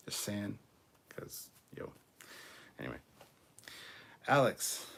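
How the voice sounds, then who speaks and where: A low-voiced man with a husky, slightly rough tone hosts a casual livestream chat. He answers viewer comments bluntly and argumentatively, swearing freely along the way. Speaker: podcast host reading viewer comments.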